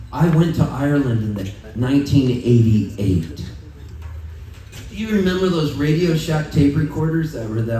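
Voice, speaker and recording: A man performing live on stage, a loose, joking storyteller who laughs often and talks between fast patter songs. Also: medium pitch, warm tone, a little hiss or hum. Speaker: singer-songwriter performing live. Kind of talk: rambling stage banter and fast patter singing. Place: music hall at a festival, live audience. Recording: roomy live hall, heard from a distance, with band music.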